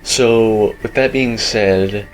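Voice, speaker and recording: A man's voice: fairly low pitch, steady tone, extremely slow, soft background music, poor audio. A young man giving casual, rambling commentary on a game teaser, opinionated and full of filler words. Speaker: gaming YouTuber.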